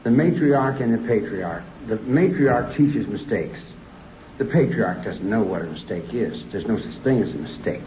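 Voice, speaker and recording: A man's voice: fairly low pitch, animated, moderate pace. Middle-aged man, prison interview, rambling and repetitive, echoey room, muffled old tape hiss. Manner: rambling, repetitive, growing indignant and heated. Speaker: prison inmate being interviewed. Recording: dull lo-fi archive tape in a roomy room.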